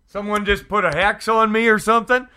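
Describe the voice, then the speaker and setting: A man from Canada hosting a radio talk show, loud and excitable, bantering off the cuff and laughing often. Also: sits high, a little fast, clear, resonant tone.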